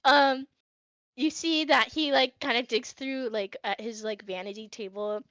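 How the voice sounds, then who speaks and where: A woman's voice: fairly high pitch, moderate pace, a bit bright, no room sound. A woman narrating a live tabletop game as game master, casual and giggly, with many fillers.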